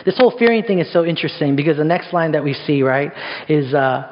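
Male pastor, fairly high voice, chatty sermon delivery with rhetorical questions; dull sound. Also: animated, quick pace. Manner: conversational, lots of rhetorical questions. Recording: echoey hall, dull sound.

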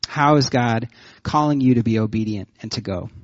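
Man, pastor preaching, animated storyteller, dry close sound, slightly dull lo-fi. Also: medium pitch, moderate pace, dry recording. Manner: animated storytelling, laughs often. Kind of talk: sermon.

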